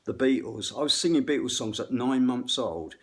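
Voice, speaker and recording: Over faint guitar playing, a middle-aged musician rants off the cuff between bits of music. His mid-range voice is expressive and moves at a normal pace as he rambles, runs himself down, and swears freely.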